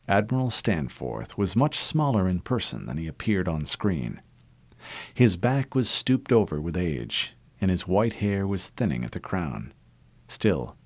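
Male narrator, lowish voice, lively reading, dry lo-fi audiobook sound. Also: breathy edge, no room sound. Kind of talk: scripted narration.

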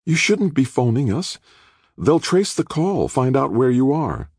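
A man's voice: fairly low pitch, animated, a little fast, mellow, no echo, clean studio sound, voice pushed up. A man playing an alarmed young woman. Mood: alarmed, emphatic. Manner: alarmed, emphatic. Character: anxious, outspoken young woman journalist.

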